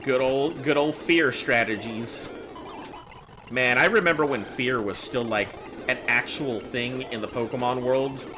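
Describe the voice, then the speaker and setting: Slow-talking man streaming a game. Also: mid-range voice, background noise. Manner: rambling, talks to chat while playing. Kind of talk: casual live-stream chat. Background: game music.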